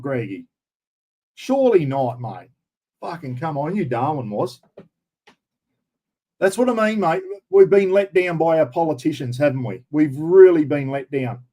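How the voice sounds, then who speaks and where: Australian male livestream host, middle-aged, blunt and sweary, fairly high voice for a man, fired-up political rant. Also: a little mellow.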